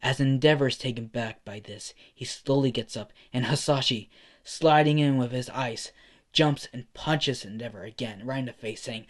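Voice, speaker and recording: A man's voice: medium pitch, moderate pace. A young man narrating an improvised fan story in a casual way, with fillers and self-corrections.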